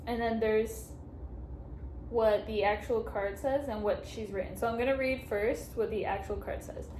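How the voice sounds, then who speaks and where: A woman's voice: a little high, darkish tone. A young woman chatting emotionally in a casual vlog, gushing as she reads a card aloud. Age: young adult. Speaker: vlogger. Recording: echoey room, faint background noise.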